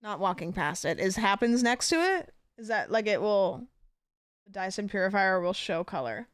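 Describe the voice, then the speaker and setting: A woman's voice: mid-range voice, lively intonation, moderate pace, no echo. Giggly, rambling woman streamer. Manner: rambling, giggly storytelling with many fillers. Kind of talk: casual chat.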